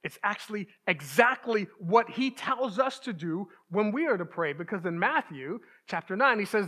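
A man with a voice pitched well above most men delivers a sermon in a relaxed, conversational way. He sounds earnest and plain-spoken, and he keeps checking in with his listeners as he explains. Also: normal speed, few pauses. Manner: informal, earnest, asks the listeners "right?". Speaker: preacher.

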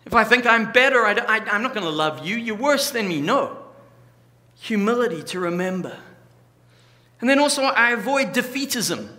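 A man preaching a sermon to his church congregation, with an emphatic delivery that slows down on key phrases. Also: high-pitched, expressive, pushed and bright, long reverb tail. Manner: emphatic, varied delivery with slow stressed phrases. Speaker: pastor. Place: church hall.

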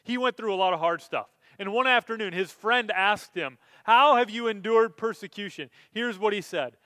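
A man's voice: high-pitched, moderate pace, bright, forceful tone, no echo. A male pastor preaching a sermon in a conversational way, building to emphatic, impassioned stretches.

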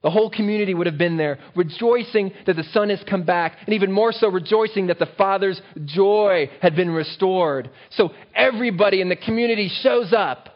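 Speaking briskly and with few pauses, a pastor with a high-sitting voice preaches engagingly. He often asks his listeners rhetorical questions. The recording is lo-fi and dull.

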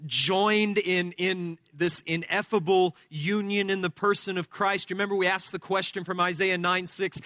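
A male pastor preaching an expository sermon, explaining scripture verse by verse in a deliberate teaching manner. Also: high voice, fairly even intonation, sharp tone, no echo, clean studio sound.

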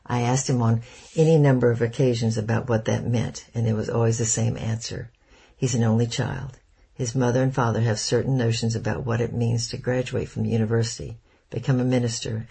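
An earnest young man, read by a man in an audiobook, explaining hard news in a hesitant, cautious way. The voice is creaky and husky, with a mellow tone. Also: mid-range voice, steady tone, a little fast. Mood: uneasy.

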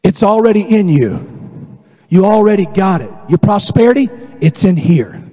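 High-voiced Southern preacher, husky, in a reverberant hall. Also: male voice, expressive, dark tone. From American South. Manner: preaching with acted-out voices, dramatic drops and slow emphatic lines. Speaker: pastor. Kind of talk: sermon. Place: church sanctuary. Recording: long reverb in a large church hall.

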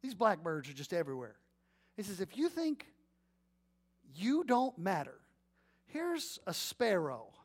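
A middle-aged pastor with a notably high male voice delivers an animated sermon. He acts out little scenes in storytelling bursts, then slows down to lead his congregation in reading aloud together. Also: breathy edge. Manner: leads congregation in responsive reading.

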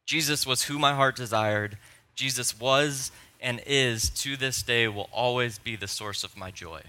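Brief: male pastor preaching in church, bright tone, playful, geeky, excitable. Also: mid-range voice, a little slow. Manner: playful, excitable, self-deprecating, nerdy enthusiasm. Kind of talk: sermon. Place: church sanctuary.

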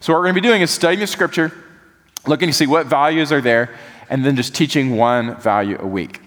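A man's voice: a little high, brisk. Man preaching in a reverberant church. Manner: animated, folksy preaching, drops soft for emphasis. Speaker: pastor. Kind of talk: sermon. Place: church sanctuary. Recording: long reverb of a church hall.

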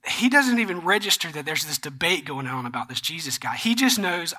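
A pastor preaching a sermon, retelling a Bible story in a casual, animated way with slangy asides. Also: mid-range voice, brisk.

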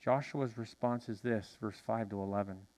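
A male pastor preaching a sermon in a church, animated and drawing responses from the congregation. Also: on the low side, moderate pace, long reverb tail. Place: church sanctuary.

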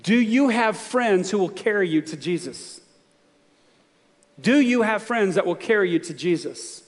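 Pastor preaching in a reverberant hall. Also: male voice, high-pitched, expressive, unhurried. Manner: storytelling, earnest, emphatic questions to the congregation. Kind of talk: sermon.

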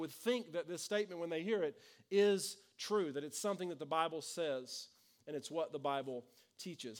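A man, preaching a sermon in an earnest, conversational way with frequent restarts. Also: a little high. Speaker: pastor.

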